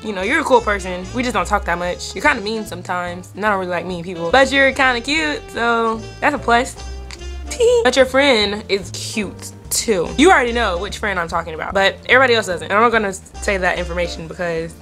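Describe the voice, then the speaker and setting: A teenage girl giving casual, rambling shoutouts to friends in a vlog, teasing and giggly as she goes. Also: medium pitch, expressive, brisk, faint music behind. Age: teens. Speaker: vlogger.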